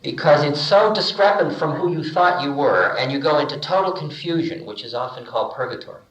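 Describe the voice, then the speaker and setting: An older man giving a relaxed spiritual talk, telling stories and acting out bits of dialogue with humor, in an archival lecture recording. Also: a little high, brisk, reverberant, a little hiss or hum, low-quality recording. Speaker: spiritual teacher.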